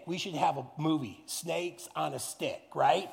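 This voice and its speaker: A male pastor delivers a fervent sermon, repeating his phrases and climbing to shouts. His high voice carries a gravelly edge and an unhurried pace. A long hall reverb lingers after each line. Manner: fervent, emphatic, repetitive phrasing, rising to shouts.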